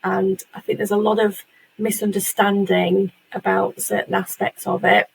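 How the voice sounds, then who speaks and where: Woman, chatty and self-deprecating, gravelly, slightly husky. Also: mid-range voice, little pitch movement, moderate pace, poor audio. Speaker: guest, virtual assistant agency owner. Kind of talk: casual interview chat.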